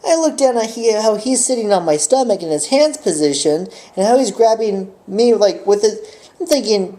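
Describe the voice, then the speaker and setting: Male vlogger, casual storyteller, lively dramatic delivery with a soft, dark tone. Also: high-pitched, normal speed. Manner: animated, acts out the fight with sound effects.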